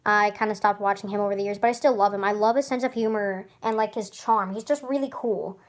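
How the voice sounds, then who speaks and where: A woman's voice: medium pitch, steady tone, quick pace. A woman vlogger chatting casually to camera, rambling and often stuttering and restarting. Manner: chatty, rambling, with frequent laughs.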